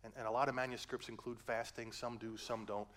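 Older male pastor, sermon delivery, dynamic from hushed to booming, folksy. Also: little pitch movement, fairly quick. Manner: swings from hushed and gentle to loud climactic preaching; folksy asides, addresses listeners as folks.

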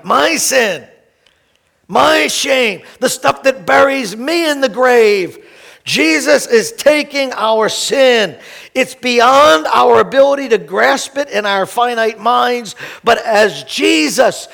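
Older male pastor, gravelly and high-pitched, slow impassioned sermon delivery. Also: animated. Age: 60s. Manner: impassioned, swings from soft to shouting.

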